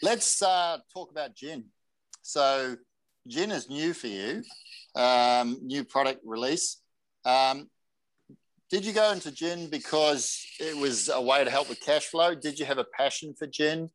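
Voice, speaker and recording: A man's voice: on the high side, measured pace, dry recording, rough recording. A man hosting a casual chat, telling stories and quoting people with energy. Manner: storytelling, animated quoting. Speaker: host.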